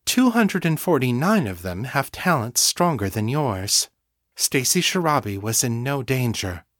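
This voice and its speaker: A man's voice: medium pitch, big pitch swings, fairly bright tone, no room sound. A serene hive mind of hundreds of psychics , voiced by a male narrator, speaks mildly and formally in an audiobook. The voice sits a little above the narrator's own and is recorded dry and close. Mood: measured. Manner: mild, measured, formal. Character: calm collective hive mind of many psychics.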